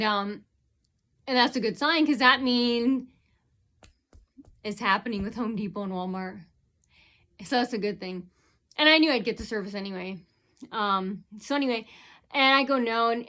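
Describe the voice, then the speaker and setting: Woman ranting into a vlog, slightly high pitched, repeats herself, lots of um and uh. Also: pushed and bright. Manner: aggrieved, repetitive retelling with many fillers. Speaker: vlogger. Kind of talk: rambling personal account.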